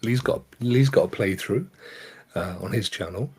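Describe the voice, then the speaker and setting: A man's voice: fairly low pitch, moderate pace, breathy edge. A man co-hosting a gaming talk show, chatting casually and joking around with a lot of laughter. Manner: jokey, animated, laughs often. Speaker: podcast co-host. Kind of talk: casual chat.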